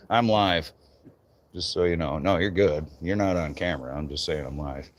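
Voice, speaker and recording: Laid-back swearing tree guy, low voice. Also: measured pace, a little hiss or hum. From Michigan. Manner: swears freely, loose rambling talk. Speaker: tree service worker live streaming. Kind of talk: casual live stream chat. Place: outdoors at a work site.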